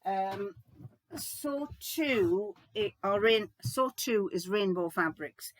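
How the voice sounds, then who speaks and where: A woman's voice: medium pitch, steady tone, takes it slowly, slight background noise. An older woman, rambling and chatty as she answers viewers' questions in a sewing vlog, with lots of fillers and restarts. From United Kingdom. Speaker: sewing vlogger. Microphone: laptop mic.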